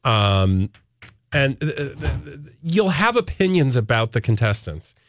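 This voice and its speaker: A man's voice: medium pitch, big pitch swings, unhurried, a little hiss or hum. A man co-hosting a morning talk radio show, chatting and joking in a studio. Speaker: radio host. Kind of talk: casual radio chat.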